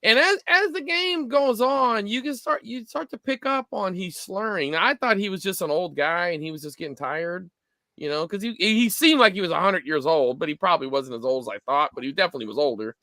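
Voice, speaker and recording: Chatty guy in his 40s rambling thru stories, kinda high bright voice, real dry close sound. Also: a little fast, dry recording. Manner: rambling, animated storytelling with frequent fillers. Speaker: co-host of a live stream show. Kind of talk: casual chat.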